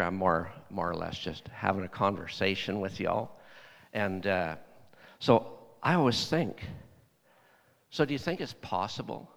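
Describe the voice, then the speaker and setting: A man's voice: sits low, gravelly, fairly bright tone. A man preaching in a conversational, folksy way, retelling talks with a lot of "I said" and "he said". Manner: folksy storytelling, repeating "I said" and "he said". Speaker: lay preacher. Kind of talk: conversational sermon. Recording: long hall reverb.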